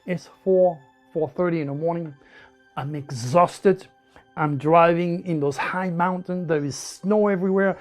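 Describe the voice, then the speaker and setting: A man with a French accent telling his life story in broken English, animated and repeating words as he goes. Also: fairly high pitch. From France. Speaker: interviewee. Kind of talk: personal storytelling.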